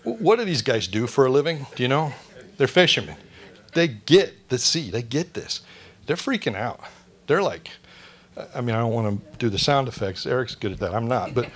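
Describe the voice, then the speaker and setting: A man delivers a sermon in church, his voice sitting in an ordinary middle pitch. He mixes quick jokes into plain teaching, then goes soft and hushed when he turns to prayer. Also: sing-song. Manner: joking asides, drops to a soft hush for prayer. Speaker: pastor.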